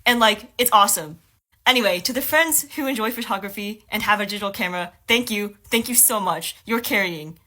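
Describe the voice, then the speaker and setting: Chatty woman talking to camera, says like a lot, bright voice. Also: medium pitch, a little fast. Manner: chatty, lots of "like". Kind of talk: casual talk to camera.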